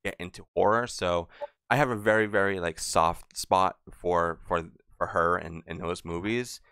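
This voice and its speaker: A man's voice: deep voice, fairly even intonation, normal speed, pushed and bright, smooth, no room sound, studio quality. A man hosting a podcast interview, asking long, casual, rambling questions. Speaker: podcast host.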